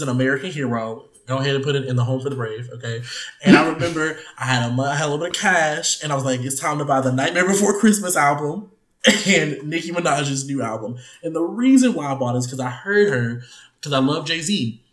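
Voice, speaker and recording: A young man co-hosting a podcast in casual chat, telling animated stories and swearing freely. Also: medium pitch, roomy sound. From Detroit. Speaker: podcast co-host.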